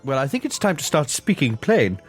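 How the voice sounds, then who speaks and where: A man's voice: a little high, sing-song, a little fast, slightly rough, soft background music. A man voicing a prim, superior aristocratic English lady who speaks in a clipped, indignant way. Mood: haughty.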